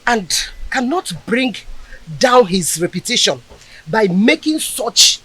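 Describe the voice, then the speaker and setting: A woman's voice: on the high side, expressive, slow, fairly bright tone, slightly rough, full character voice. An actress with a Nigerian accent playing a confident mother soothing her worried husband. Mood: reassuring. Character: reassuring traditional mother, confident.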